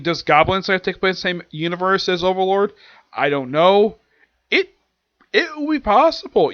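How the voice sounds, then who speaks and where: A man giving a casual, rambling episode recap and review, often restarting sentences and dropping into quick quoted lines. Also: a little high, no echo, dull audio. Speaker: anime reviewer.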